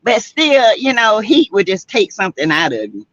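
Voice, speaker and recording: On a casual livestream, a South Carolina woman with a Southern US accent reads viewer comments and chattily greets people by name. Her medium-pitched, slightly bright voice swings hugely in pitch at normal speed, and the sound is dry and lo-fi.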